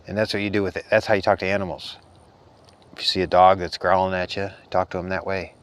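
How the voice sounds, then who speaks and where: A man with a deep, resonant voice speaks in a soft, earnest ramble about spiritual matters. He sounds a little worn out. The delivery stays casual and unscripted. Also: little pitch movement, fast, clear, resonant tone. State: tired. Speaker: spiritual vlogger.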